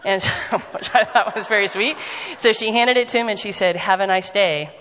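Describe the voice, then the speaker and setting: Lively woman telling a story in a hall. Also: medium pitch, normal speed. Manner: animated, laughing storyteller. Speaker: pastor's wife sharing a story. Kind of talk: storytelling to a congregation.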